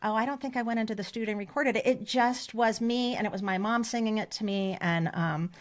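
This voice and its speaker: A woman's voice: fairly high pitch, a little fast. A woman co-hosting a podcast, telling personal stories in a chatty, emotional way. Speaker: podcast co-host. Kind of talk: casual chat.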